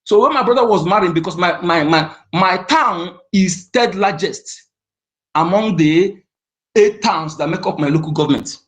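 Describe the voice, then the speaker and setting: A man's voice: sits high, moderate pace. A man calling in, speaking heatedly and insistently, repeating himself as he presses his point. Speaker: caller. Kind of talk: impassioned call-in speech.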